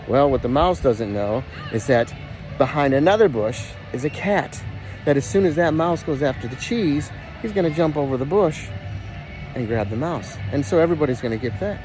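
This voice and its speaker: Lively man telling a joke outdoors. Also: a little high, moderate pace, soft background music. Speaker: joke teller.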